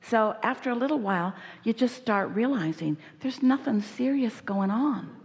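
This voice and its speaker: A woman's voice: a little high, lively intonation, normal speed, a little mellow. A woman giving an inspirational seminar talk to an audience member, speaking emphatically as a collective "we" and explaining patiently. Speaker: workshop speaker. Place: large hall at a live workshop. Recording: echoey hall with long reverb.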